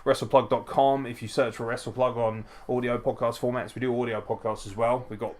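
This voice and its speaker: A man's voice: mid-range voice, level tone, fairly quick, darkish tone. Tipsy, swearing man hosting a watchalong. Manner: profane, chatty, frequent swearing. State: tipsy from drinking. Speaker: wrestling podcast host. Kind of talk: live watchalong commentary.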